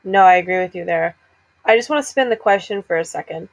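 A woman's voice: fairly low pitch, quick pace, poor audio. A woman co-hosting a casual chat, talking in an emphatic, opinionated way full of "like.". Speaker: podcast co-host.

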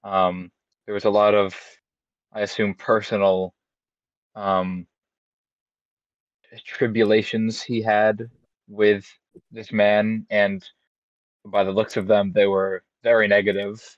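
A man speaking in character as a tabletop player, measured and formal. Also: fairly low pitch, completely flat delivery, no room sound, highs cut off. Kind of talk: in-character speech in a tabletop game.

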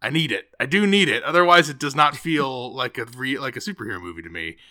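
A man co-hosting a casual podcast chat, rambling and correcting himself as he talks, animated when telling stories. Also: mid-range voice, fast, no echo, studio quality. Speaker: podcast co-host.

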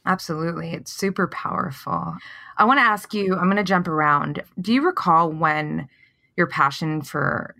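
A woman with a bright, crisp voice hosts a conversational interview. She asks questions effusively and with appreciation. The recording is close and dry. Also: low voice, normal speed, no room sound. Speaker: host.

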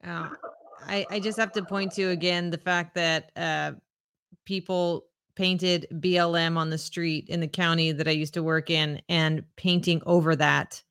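A podcast co-host in casual chat, introducing segments in a brisk, matter-of-fact way. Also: mid-range voice, flat delivery, a bit bright, clean tone.

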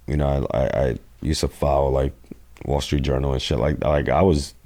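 A man's voice: rumbling low, fairly even intonation, brisk, warm tone. A man telling a rambling, profane story in a casual interview. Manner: profane, rambling, acts out quotes. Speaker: guest.

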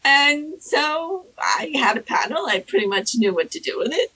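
A woman casually telling anecdotes in an animated way, acting out the people she quotes. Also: moderate pace, low-quality recording. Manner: animated, acts out quoted people in high squeaky voices. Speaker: storyteller guest.

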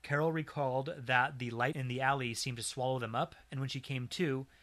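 Man, co-host, bright tone, relaxed and dryly amused while telling a tale. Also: medium pitch, a little fast. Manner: relaxed, recounts a strange story with dry humor. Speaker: podcast co-host. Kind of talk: casual storytelling chat.

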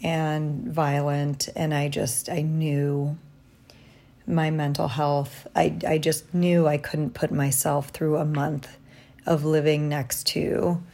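A woman talking through a personal diary vlog from a hotel room, reflective and halting, tired after little sleep. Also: deep voice, level tone. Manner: reflective, halting, soft-spoken. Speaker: vlogger.

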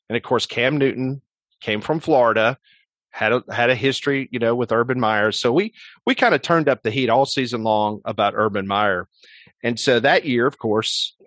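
Male sports radio guest, rambling storyteller, mid pitch, dry close sound. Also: a bit bright, no room sound. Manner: rambling, filler-heavy storyteller. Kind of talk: casual storytelling interview.

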